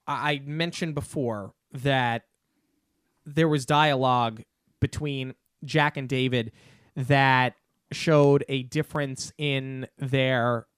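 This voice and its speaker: Opinionated co-host from New York, argues with plenty of ums, mid pitch, dead-dry recording. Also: a bit bright, clear, resonant tone, dry recording. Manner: opinionated, argumentative, many fillers and restarts. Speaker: podcast co-host. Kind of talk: casual review chat.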